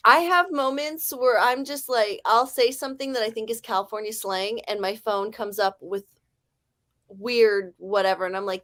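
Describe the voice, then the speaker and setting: A woman's voice: a little high, normal speed, fairly bright tone. Chatty forty-year-old woman, Ohio accent. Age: 40s. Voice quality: slight lisp. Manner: chatty, rambling, self-deprecating. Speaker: livestream host. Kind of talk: casual chat on a writing-sprint stream.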